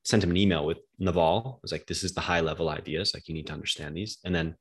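Low husky-voiced young American man. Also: fast talker. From United States, outside New York City. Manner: relaxed, slangy, lots of "like". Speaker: guest. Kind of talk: casual podcast chat.

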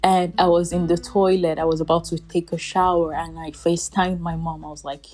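Young woman vlogger, somewhat low pitch, chatty and rambling with frequent laughs, soft guitar music under her. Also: level tone, brisk. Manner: rambling, heavy use of "like", laughs between phrases. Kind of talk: casual storytelling.

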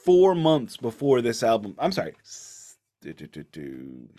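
A man's voice: mid-range voice, wildly swooping pitch, unhurried, mellow. A man co-hosting a casual music podcast, chatty and correcting himself as he goes. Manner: chatty, self-correcting, laughs easily. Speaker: podcast co-host. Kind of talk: casual chat about music.

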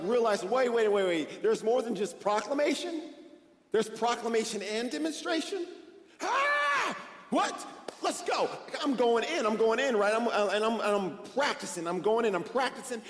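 A male pastor preaches with animated, conversational energy and a fairly high voice. His words ring out in a large church hall with a long reverb tail. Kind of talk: sermon. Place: church sanctuary.

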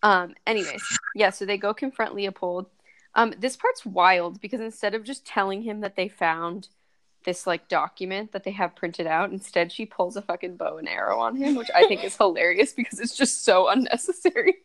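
A woman's voice: medium pitch, moderate pace, fairly bright tone, dry recording, low-quality recording. A woman co-hosting a podcast, recapping a movie plot in a sarcastic, mocking way. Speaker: podcast co-host.

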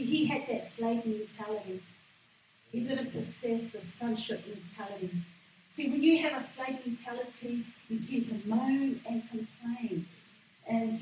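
Woman preacher, earnest sermon delivery, slightly high voice, echoey hall with the mic some way off. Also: recorded from a distance, a little hiss or hum. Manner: earnest, many fillers and restarts.

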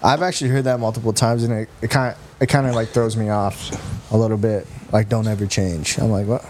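A man's voice: lowish voice, steady tone, fast, a little mellow, a little hiss or hum. A man and podcast co-host talking earnestly in casual chat, swearing casually and retelling what others said.

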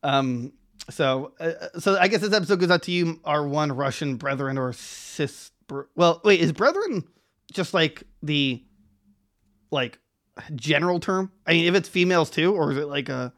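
A man's voice: a little high, lively intonation, moderate pace, a bit bright. Rambling man on a casual podcast. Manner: rambling, many restarts and laughs. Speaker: podcast co-host.

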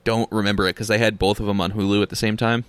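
A man's voice: lowish voice, flat delivery, racing, fairly bright tone, clean tone, no room sound. A man from New Hampshire co-hosting a podcast, laid-back, playful and swearing often. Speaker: podcast co-host. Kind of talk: casual chat.

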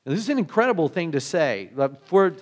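Very animated and fast, a pastor with a somewhat high-pitched voice preaches in a conversational style. He piles on rhetorical questions and keeps restarting phrases while working through his points.

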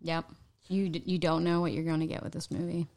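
Lady cohost, kinda low voice, super casual and chatty. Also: little pitch movement, brisk, a little mellow. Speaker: podcast co-host. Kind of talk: casual chat. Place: home podcast studio.

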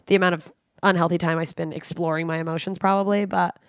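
A young woman, a comedian guest, talking candidly on a podcast in a blunt, profane, lively way. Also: on the low side, fast talker, no room sound, studio quality.

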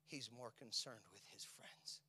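A male preacher giving a sermon, asking his listeners questions and moving between hushed whispers and loud, shouted peaks. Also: medium pitch, unhurried, breathy edge. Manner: asks the congregation rhetorical questions.

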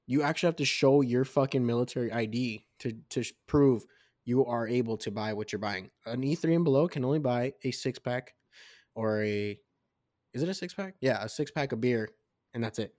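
A man in his twenties on a casual podcast, telling a rambling, profanity-heavy story about his military days, with tipsy, animated storytelling. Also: mid-range voice, moderate pace, dry recording, clean studio sound. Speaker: podcast co-host. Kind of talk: casual drunk storytelling chat.

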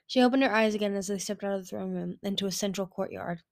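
A woman's voice: mid-range voice, fast. Woman reading a storybook aloud. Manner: steady, plain, occasional slips and restarts. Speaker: audiobook reader. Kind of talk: storybook read-aloud narration.

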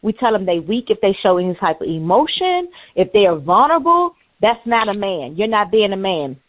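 A woman's voice: medium pitch, big pitch swings, fairly quick, dry recording. A woman co-hosting a podcast, speaking earnestly and emphatically in casual chat. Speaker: podcast co-host. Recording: dry, thin phone-like sound.

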